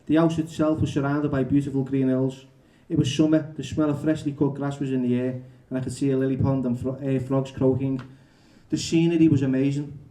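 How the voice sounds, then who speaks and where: A male author reading his memoir aloud at a bookshop event, halting and correcting himself as he goes. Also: medium pitch, level tone, warm tone. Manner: halting, restarts and self-corrections.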